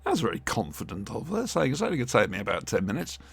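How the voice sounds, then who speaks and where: A man's voice: lowish voice, racing, gravelly, slightly rough, dry recording. A man, co-hosting a casual, jokey watch-along commentary. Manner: jokey, rambling, animated reactions. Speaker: podcast co-host.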